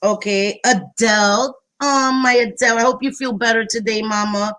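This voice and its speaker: A woman hosting a casual livestream, greeting viewers loudly and chattily with pet names like sweetie pie and baby girl. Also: a little high, normal speed. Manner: loud, animated voice. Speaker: livestream host.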